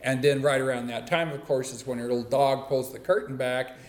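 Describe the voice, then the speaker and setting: A man's voice: medium pitch, fairly even intonation, a little fast. Man giving a casual dharma talk in a roomy space. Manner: conversational, with playful asides. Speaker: dharma teacher. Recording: roomy echo.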